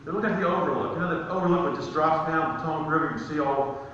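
A man preaches to his congregation in a high, bright voice, telling personal stories and rising to emphatic peaks. He is heard from a distance in a very echoey church sanctuary. The recording is slightly dull, with a faint hiss behind him. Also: racing. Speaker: pastor. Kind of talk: sermon.

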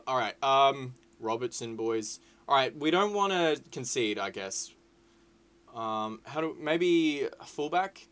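A young man giving casual, excitable, sweary commentary over a football management game. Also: medium pitch, slow, smooth. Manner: excitable, sweary, shouts at the screen. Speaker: gaming YouTuber.

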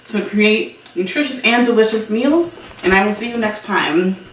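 A woman's voice: medium pitch, moderate pace, slight background noise. A woman hosting a home cooking show, chatting directly to her viewers as she cooks. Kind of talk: casual cooking demonstration. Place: home kitchen. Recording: roomy kitchen sound, mic at a distance.

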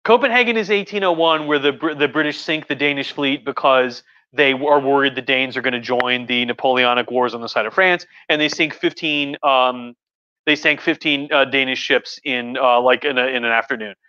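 A man's voice: mid-range voice, brisk, sharp tone, smooth, highs cut off. A man hosting a casual livestream history talk as a professor, rambling enthusiastically with many restarts. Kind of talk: casual lecture on a live stream.

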